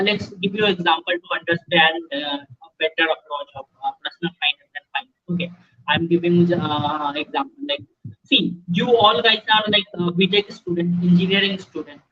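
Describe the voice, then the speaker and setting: Halting Indian man on a muffled call. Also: high voice. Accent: Indian English. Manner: halting, many fillers and restarts, frequent "okay" check-ins. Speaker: guest speaker, entrepreneur. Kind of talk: webinar talk to students. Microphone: video call.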